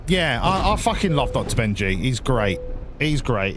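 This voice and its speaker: A man's voice: mid-range voice, big pitch swings, moderate pace, fairly bright tone, slight background noise. A man streaming a game as a hobby, chatting casually and sweary with his viewers in rambling banter. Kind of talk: casual live-stream chat to viewers while gaming.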